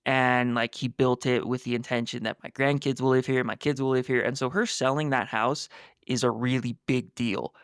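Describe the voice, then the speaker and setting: A man chats casually on a book podcast, adding background to the story. His voice is smooth and resonant at an ordinary pitch. The sound is dry and close. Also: fairly even intonation, normal speed, dry recording. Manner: chatty, filling in story context. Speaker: podcast co-host.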